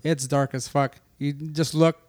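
Man, slightly high voice, relaxed casual chat, dry sound. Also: a little slow, no echo. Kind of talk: casual movie-review chat.

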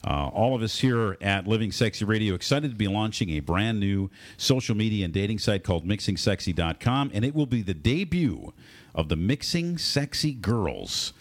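Man, radio host, casual studio talk show, animated, low pitch. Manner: animated, filler-heavy host patter.

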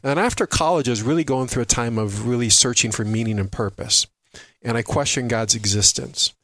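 A man's voice: mid-range voice, fairly quick, fairly bright tone, dry recording. A man giving a personal faith testimony as a radio guest, earnest and reflective. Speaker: radio show guest, minister.

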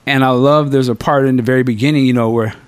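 A man hosting a podcast, reviewing a film in casual, slangy, profane chat with animated storytelling. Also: medium pitch, fast, clean tone, dry recording. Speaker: podcast host.

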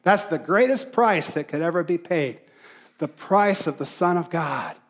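A man preaching a sermon in a notably high voice. He leans hard on key phrases, repeating them for emphasis, then eases into quieter asides. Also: animated, measured pace. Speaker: pastor.

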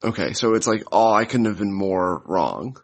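A man speaking as a podcast guest in easy, hesitant chat full of fillers. His voice is low and husky. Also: lively intonation, moderate pace. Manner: hesitant, loose, lots of fillers. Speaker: prospect analyst guest.

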